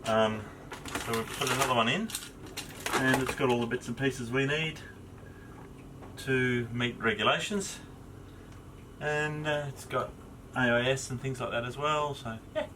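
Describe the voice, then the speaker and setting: A man's voice: medium pitch, steady tone, measured pace, pauses often, noisy background. A man hosting a sailing vlog, chatting casually and rambling with lots of ums while recording on his boat. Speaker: vlog host. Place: on a sailboat.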